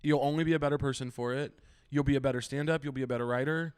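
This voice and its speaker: A man's voice: medium pitch, steady tone, racing, clean tone. A man hosting a comedy podcast, talking emphatically and encouragingly, repeating points for emphasis. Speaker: podcast host. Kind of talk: casual podcast chat.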